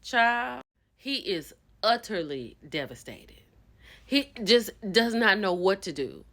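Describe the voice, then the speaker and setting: A woman recapping a reality show in a gossipy, expressive way, acting out the people she quotes. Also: lowish voice, slow pace. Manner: gossipy and expressive, acts out quotes, bursts into laughter. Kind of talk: animated casual recap.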